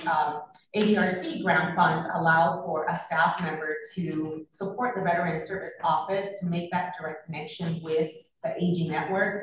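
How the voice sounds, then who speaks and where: Woman moderating a county meeting, kinda low voice, formal with ums, far from the mic in a really echoey room. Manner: measured, formal wording with fillers. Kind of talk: public meeting remarks.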